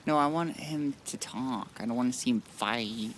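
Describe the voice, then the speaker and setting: A man's voice: medium pitch, normal speed, a little hiss or hum. A man streaming a modded game, chatting casually in a rambling, blunt way with frequent restarts. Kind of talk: casual live-stream chat.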